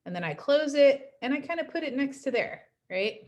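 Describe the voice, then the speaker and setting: A woman's voice: sits high, animated, moderate pace, a little mellow. A woman teaching a class in a casual recorded lecture, chatty and often adding "right?" to check in with her students. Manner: chatty, frequent "right?" tags.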